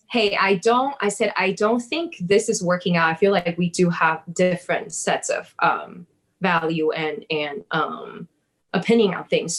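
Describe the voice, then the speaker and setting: A woman telling a personal story in casual chat, lively, swearing and laughing, acting out her own past words. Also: lowish voice.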